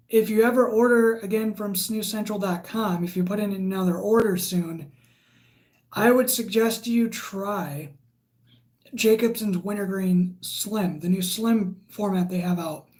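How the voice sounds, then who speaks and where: A woman's voice: medium pitch, fairly even intonation, unhurried, long pauses, a little mellow. A woman hosting a casual livestream, reading viewer comments aloud and chatting in a rambling way. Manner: chatty and rambling, with frequent fillers. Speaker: livestream host.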